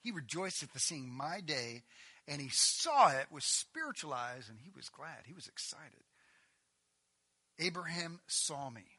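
Bright, high-voiced male preacher. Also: unhurried, slightly rough. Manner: animated, reading scripture with rising emphasis and asides. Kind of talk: sermon.

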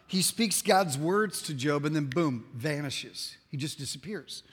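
A male pastor preaching a sermon, telling the story in an emphatic, animated way with quick asides to his listeners. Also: on the high side, slightly rough, big-room sound.

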